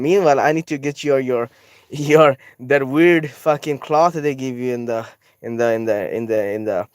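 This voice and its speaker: A man's voice: medium pitch, no echo. Rambling, profane man with a dry voice. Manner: rambling, profane, laughing often, trailing off. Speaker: artist describing his drawing. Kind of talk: casual rambling commentary.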